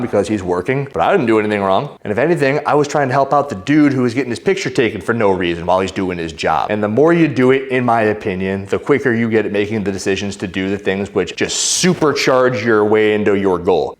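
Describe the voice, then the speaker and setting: A young man, a fitness vlogger, telling a story in a casual, animated way and loudly acting out what people said. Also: fairly low pitch. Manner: animated, acts out quotes loudly. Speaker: fitness YouTuber.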